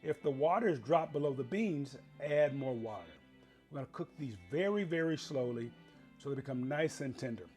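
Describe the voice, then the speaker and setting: A man's voice: medium pitch, lively intonation, moderate pace, a little mellow, faint music behind. Folksy man hosting a home cooking demo. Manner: chatty, folksy, explains step by step. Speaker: cooking show host. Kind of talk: casual home cooking demonstration. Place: home kitchen.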